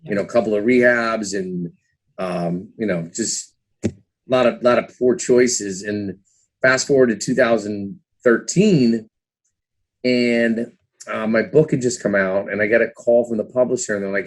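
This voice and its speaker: A man's voice: fairly low pitch, moderate pace. A man around fifty, a podcast guest telling his story casually, with lots of "you know"s and acted-out quotes of his own past thoughts. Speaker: guest, former trader and author.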